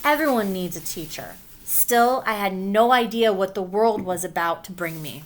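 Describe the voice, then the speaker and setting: A woman teacher reading a picture book aloud to children, gently pausing to ask questions and spelling letters out slowly. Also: medium pitch, lively intonation.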